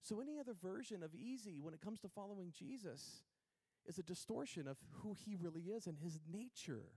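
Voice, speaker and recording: Male pastor, slightly high voice, laid-back sermon delivery with big swings from soft to loud, prompts the congregation to repeat after him. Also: lively intonation, brisk, breathy edge. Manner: swings between hushed intimacy and loud emphatic preaching; calls on the congregation to repeat words.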